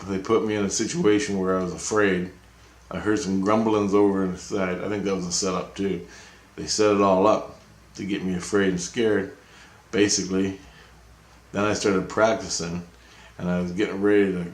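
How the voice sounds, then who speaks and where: A man with a low voice tells a meandering story of his own, stopping and restarting as he goes. He jumps up in pitch to act out the voices of the people in it. The sound carries a noticeable room echo. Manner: acts out quoted dialogue with a raised voice; loose, meandering, with frequent restarts. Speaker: vlogger recounting dreams. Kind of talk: rambling personal storytelling. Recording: roomy, echoey room.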